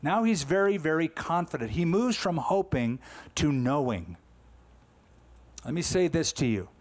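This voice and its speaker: A man's voice: fairly high pitch, lively intonation, a little slow. A man in his sixties, a pastor delivering a conversational, emphatic sermon full of rhetorical questions.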